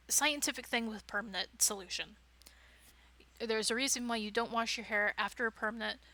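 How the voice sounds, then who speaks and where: A woman's voice: a little high, sharp tone. A woman giving an informal writing workshop, chatty and enthusiastic, with frequent digressions. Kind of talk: informal lecture.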